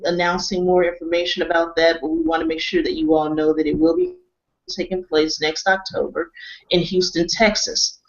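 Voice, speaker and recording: A woman hosting a webcast panel discussion, wrapping up in a measured, conversational way. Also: on the low side, a little mellow. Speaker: webcast host. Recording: dull lo-fi webcast audio.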